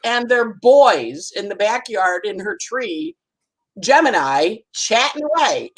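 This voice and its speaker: A woman's voice: on the high side, breathy edge, rough recording. A middle-aged woman astrologer chatting casually on a podcast, telling stories with lots of acted-out quotes and frequent laughs. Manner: animated storytelling, acts out quoted voices, laughs often. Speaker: astrologer guest.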